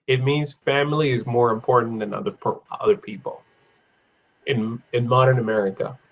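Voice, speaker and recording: A man teaching an online English class on idioms, playful, laughing often and repeating phrases slowly. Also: medium pitch, steady tone, muffled recording. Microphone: video call.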